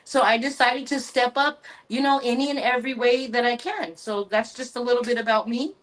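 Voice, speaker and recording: A woman's voice: a little high, a little fast. A woman from California speaking earnestly and emphatically as a guest on a political talk show. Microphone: video call.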